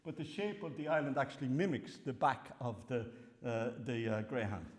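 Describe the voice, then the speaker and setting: An older Irish man giving a wry, animated farewell lecture with slides in a large hall. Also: medium pitch, normal speed. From Ireland. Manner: wry, animated storytelling with chuckles. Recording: long hall reverb.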